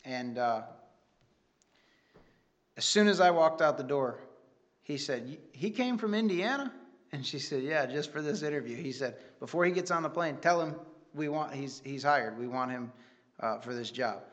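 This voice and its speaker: A man's voice: mid-range voice, normal speed, long pauses, fairly bright tone. A man giving an earnest, rambling church testimony with many restarts. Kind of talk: sermon testimony.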